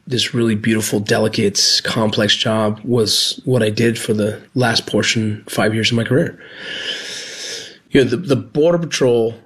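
Man, former border agent, earnest, halting, husky, mid-pitched. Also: a bit bright. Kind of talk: personal storytelling.

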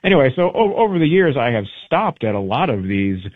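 Over tinny phone-line audio, a travel book author talks in a radio interview, spinning rambling stories and frequently fixing himself mid-sentence. He speaks a little fast at a medium pitch, with big swings in pitch and a breathy edge.

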